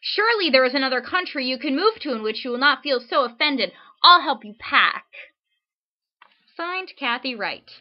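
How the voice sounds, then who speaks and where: A woman's voice: high-pitched, big pitch swings, brisk, hardly any pauses, highs cut off. A woman reading hostile letters aloud in a dry, mock-serious recitation.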